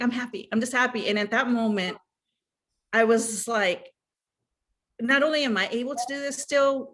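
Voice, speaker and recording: A woman in her thirties or forties telling a personal story in a chatty, animated way, full of fillers and asides. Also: mid-range voice. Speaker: guest sharing fan memories. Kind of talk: casual storytelling chat.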